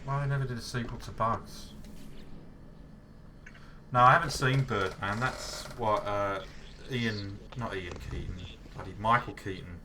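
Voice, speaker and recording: A man's voice: lowish voice, a little slow. A man with an Australian accent hosting a casual gaming chat, telling rambling anecdotes and laughing. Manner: rambling anecdotes, laughing, mimics voices in stories. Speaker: gaming channel host. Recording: distant mic with noticeable background noise.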